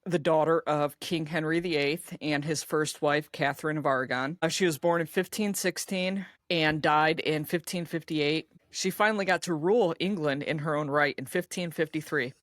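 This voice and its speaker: A woman co-hosting a podcast, chatting casually and retelling history in a relaxed, plain way. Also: deep voice, moderate pace, few pauses, dry recording, clean studio sound. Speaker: podcast co-host.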